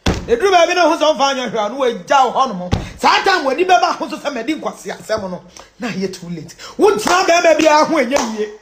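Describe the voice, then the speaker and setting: Ghanaian woman, moralizing lecturer; very lively, sing-song pitch, shouts and hushed asides. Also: a little fast, background noise. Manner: preachy, swings from shouting to hushed near-whispers; mixes Twi and English. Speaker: social commentator.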